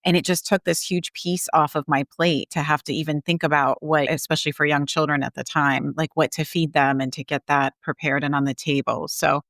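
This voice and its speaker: A woman's voice: sits low, fairly even intonation, brisk, hardly any pauses, fairly bright tone, no room sound, clean studio sound. A woman hosting a podcast, talking casually and chattily with frequent fillers. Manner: chatty, lots of "like" and "you know". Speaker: podcast host.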